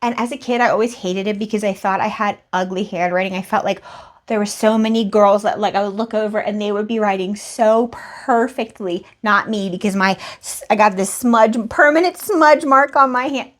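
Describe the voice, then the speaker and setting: A woman's voice: medium pitch, moderate pace. A young adult woman recapping her recent resale sales in a chatty, rambling way, with asides and self-deprecating laughs. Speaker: reseller vlogger.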